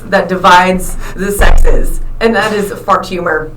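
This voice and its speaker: A woman's voice: on the low side, steady tone, slow, few pauses, roomy sound, distant mic, background noise. A young woman hosting a morning radio show, chatting and giggling with her guests. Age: young adult. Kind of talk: casual radio chat.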